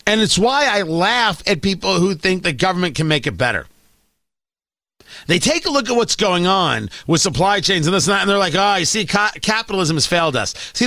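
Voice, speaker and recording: A man hosting a talk show, delivering an animated, sarcastic political rant. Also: high-pitched, no room sound, clean studio sound. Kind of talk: opinionated political monologue.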